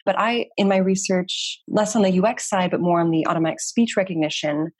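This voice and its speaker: A woman in her thirties, a researcher and community founder, talking quickly and animatedly in a casual interview, often saying "like" and "you know.". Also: lowish voice, slightly rough, dry recording, clean studio sound.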